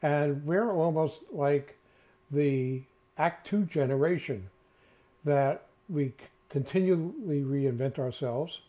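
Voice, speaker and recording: An older man with a New York accent talks in a rambling way, full of "uh"s. His voice sits a little high, and the recording sounds dull and lo-fi. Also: takes it slowly. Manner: rambling, many filler sounds. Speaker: co-host. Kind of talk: casual chat.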